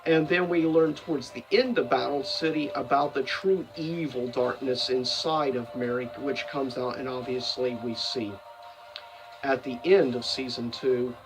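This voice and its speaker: A man with a mid-range voice, recorded far from the mic in poor audio, ranks the seasons of a cartoon as a video host. His commentary is casual and rambling, packed with fillers and self-corrections.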